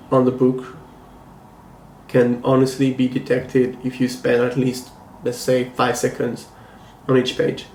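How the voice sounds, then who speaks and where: A man talks slowly and evenly, with little rise or fall in his middle-pitched voice. His manner is measured and critical as he gives a casual video review. The room around him sounds echoey, with a faint hum of ambience. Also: a little mellow. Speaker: comic book collector and channel host. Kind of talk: casual review vlog talking to camera. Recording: roomy echo, faint ambience.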